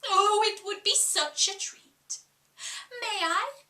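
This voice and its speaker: A woman voicing a gentle adult queen with a soft, cooing voice and a delighted, gushing manner. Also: very high voice, slow, far from the mic, pitched above the performer's own voice, full character voice. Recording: echoey room, voice off-mic.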